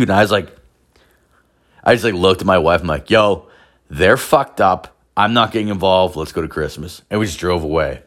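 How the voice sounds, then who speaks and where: A man's voice: low voice, moderate pace. A man telling a rambling, profane personal story in a casual monologue, swearing constantly and acting out the voices he quotes.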